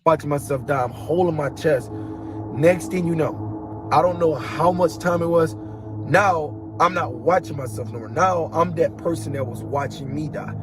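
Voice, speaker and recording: A man earnestly telling a dramatic personal story, acting out booming noises as he goes. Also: moderate pace, music in the background, low-quality recording. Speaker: guest telling a personal testimony.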